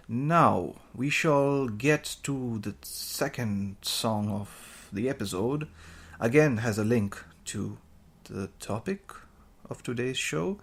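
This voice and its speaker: A man hosting his podcast alone, talking in a rambling, chatty way and joking about himself. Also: mid-range voice. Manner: rambling, chatty, self-mocking. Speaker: podcast host. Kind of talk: casual podcast monologue.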